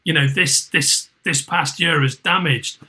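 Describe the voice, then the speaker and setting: A man's voice: a little high, measured pace, bright, forceful tone, poor audio. A middle-aged man with a Liverpool accent, hosting a casual podcast chat, rambling with many restarts and swearing freely. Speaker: podcast host.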